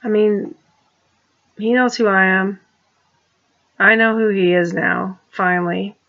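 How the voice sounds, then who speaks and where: A woman talks straight to the camera in a rambling personal monologue, often restarting her sentences. She turns pointed and accusing as she goes. Her voice sits at a middle pitch, and the recording is dull and lo-fi. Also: steady tone, slow, creaky. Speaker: vlogger.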